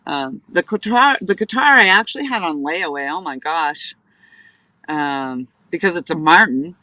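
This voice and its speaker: Woman, casual live-stream host, rambling storyteller, greets viewers, bright, dry. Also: low voice, dry recording, rough recording. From New Hampshire. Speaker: livestream host. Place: outdoors on a riverbank, fishing.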